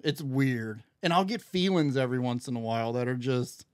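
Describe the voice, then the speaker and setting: A man's voice: mid-range voice, brisk, no room sound, clean studio sound. A man in casual conversation as a podcast guest, telling a story animatedly and acting out the voices in it. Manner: animated storyteller, acts out quoted dialogue.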